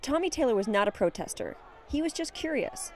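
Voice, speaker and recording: A woman host delivering scripted narration for a news feature, crisp and punchy. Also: sits high, big pitch swings, brisk, heavy background noise.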